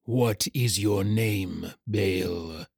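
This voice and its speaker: A man doing a slow, deep, menacing shadow rider. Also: gravelly, a little mellow, husky, dry recording, clean studio sound, exaggerated voice. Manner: slow, low, commanding. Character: faceless male shadow rider, looming and menacing.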